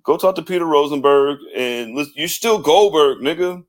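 A man's voice: fairly high pitch, normal speed. A man co-hosting a wrestling podcast in casual chat, ranting and joking with lots of swearing. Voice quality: loud, swearing, joking rants. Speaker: podcast co-host.

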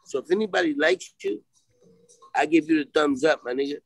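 A man's voice: fairly high pitch, wildly swooping pitch, brisk, creaky, soft background music, poor audio. A man with a Brooklyn New York accent, a podcast guest on a video call, talking in a streetwise, emphatic way and keeping on asking if you follow him. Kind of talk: casual interview talk.

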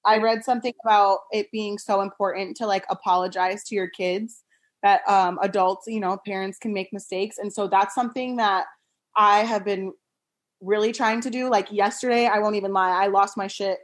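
Single mother, mid-pitched voice, candid, lots of "um" and "like". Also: fairly even intonation, moderate pace. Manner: candid, filler-heavy storytelling. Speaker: single mother of four, podcast guest. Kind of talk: casual chat.

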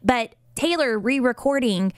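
A woman's voice: a little high, lively intonation, a little slow, no room sound, clean studio sound. A woman from Georgia co-hosting a casual podcast, speaking earnestly and stressing her points with repetition. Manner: earnest, emphatic, repeats for emphasis. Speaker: podcast co-host.

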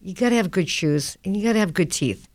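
A woman's voice: mid-range voice, lively intonation, fast, a little mellow, no echo. Boston-accented woman host, brash and jokey, dry studio sound, casual talk. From Boston area. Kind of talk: casual talk-show chat. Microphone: studio mic.

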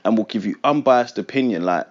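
A man's voice: fairly low pitch, fairly quick. A young man, talking earnestly and reflectively in casual chat, with plenty of slang. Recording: dull lo-fi sound.

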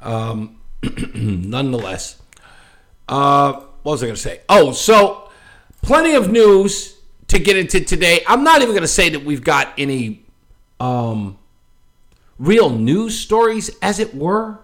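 Animated ranting male commentary host. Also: fairly high pitch, a little slow, long pauses. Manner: ranting, animated, laughs often, many fillers. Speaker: show host. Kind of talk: opinionated political commentary.

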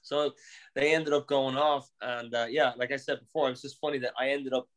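A man's voice: mid-range voice, level tone, fairly quick. Irish guy rambling thru a story, laughs a lot, swears, keeps restarting. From Ireland. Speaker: podcast guest. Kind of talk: casual storytelling.

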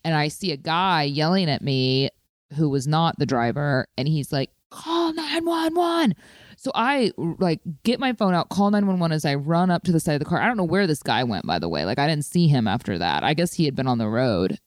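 A woman telling a story in casual chat, chatty and animated, with lots of "like" fillers. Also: low voice, brisk, no echo, clean studio sound.

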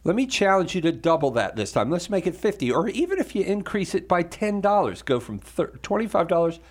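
A man's voice: high voice, big pitch swings, brisk. A man, a radio apologist, making an urgent fundraising appeal to listeners, pleading and repeating the call-in number.

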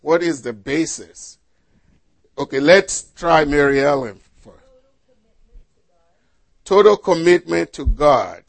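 A male pastor delivers his sermon at an unhurried, deliberate pace, pausing to quiz his congregation. His voice sits a little high for a man. The sound is dry and close. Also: dry recording. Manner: slow, deliberate delivery with rhetorical questions to the congregation. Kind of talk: sermon with scripture reading.

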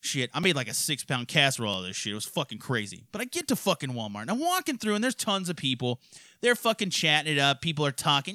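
A man from hosting a podcast, telling crude stories in a rowdy, profane, animated way. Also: a little high, quick pace, no echo, clean studio sound. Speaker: podcast host. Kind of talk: crude casual storytelling.

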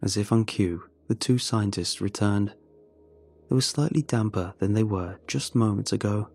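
A man reading a first-person horror story in a measured, steady way. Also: on the low side.

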